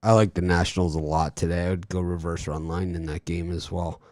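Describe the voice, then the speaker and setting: A man hosting a sports betting show, chatting casually and rambling through stories with animated energy. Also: deep voice, fairly quick, dry recording.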